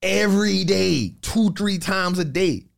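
A man in a casual podcast chat, telling stories in an animated, slangy way and repeating phrases for emphasis. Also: high-pitched, slow, creaky.

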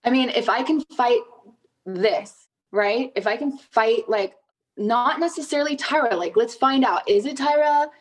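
A woman's voice: fairly high pitch, unhurried, rough recording. A woman in her thirties, an interview guest, talking casually and emphatically with many "like" fillers and frequent swearing, sounding indignant.

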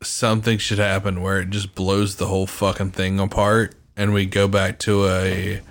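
A man hosting a podcast, talking casually and bluntly, swearing freely and slowing down to stress his points. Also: sits low, monotone. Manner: blunt, profane, slows for emphasis. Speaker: podcast host.

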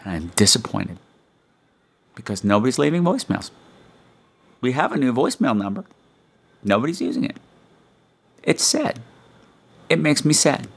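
A male podcast host talks in a campy, theatrical manner, teasing and mock-scolding his listeners. His voice sits at an ordinary middle pitch for a man. He swings from playful asides to exaggerated sighs of disappointment. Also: sing-song, moderate pace, creaky, pauses often, breathy edge. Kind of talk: casual solo podcast talk.

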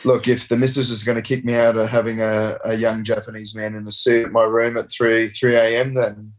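A relaxed man in his thirties spins a long, rambling story with the odd curse. His voice sits a little low in pitch. He talks like a sportsman chatting with a mate. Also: fairly quick. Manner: rambling, laid-back, swears freely. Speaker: professional rugby player guest. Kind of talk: casual storytelling.

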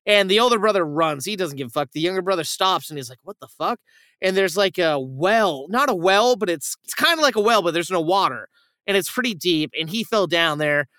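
A man's voice: high voice, fairly quick, no room sound, clean studio sound. A young man hosting a film-review podcast, rambling and profane as he retells a plot in a casual chat. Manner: rambling, profane, animated retelling with acted quotes. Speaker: podcast host reviewing films.

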